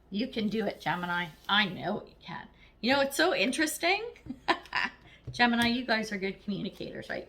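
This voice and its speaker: Woman tarot reader, casual to-camera chat, animated and blunt, slightly high voice. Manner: chatty, animated, blunt and encouraging.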